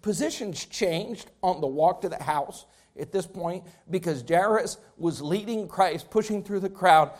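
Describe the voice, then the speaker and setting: A man's voice: high-pitched, unhurried, hardly any pauses. A man preaching a sermon as pastor, repeating phrases and building intensity as he speaks to his congregation.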